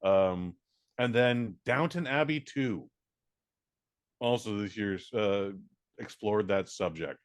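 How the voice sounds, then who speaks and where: A man co-hosting a podcast in casual chat, quick and sarcastic, breaking into jokey voices. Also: fairly low pitch, smooth, dry recording, studio quality. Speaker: podcast co-host.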